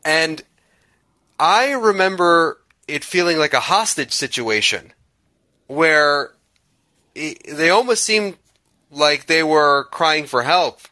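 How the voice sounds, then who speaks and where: A man with a bright, forceful voice leads an interview, winding through a long anecdote with plenty of ums and self-corrections. The sound is dry and close. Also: fairly high pitch, expressive, slow, long pauses, no echo. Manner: rambling, hesitant, full of fillers. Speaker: podcast host. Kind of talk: conversational interview question.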